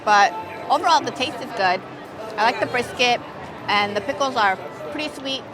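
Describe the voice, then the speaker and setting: A woman's voice: fairly high pitch, normal speed, over music, a crowd in the background. A woman food vlogger chatting casually as she tastes and reviews dishes outdoors, hedging and thinking aloud. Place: outdoors at a theme park, windy.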